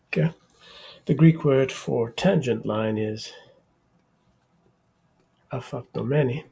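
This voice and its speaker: A man hosting his own math channel, giving a halting whiteboard lecture and checking in with "okay?" again and again. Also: medium pitch, vocal fry, darkish tone, slightly rough. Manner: slow, halting, repeats words, says "okay?" often.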